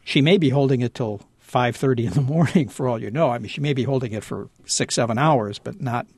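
A man with a gravelly, fry-touched voice talks through dog-training advice on a radio call-in show. He explains patiently, stumbling and restarting often. The studio sound is close and dry. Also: medium pitch, a little fast, a little mellow, dry recording.

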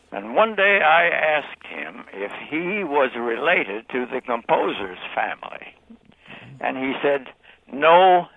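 Slow, lively-pitched caller on a phone line. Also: male voice, no room sound.

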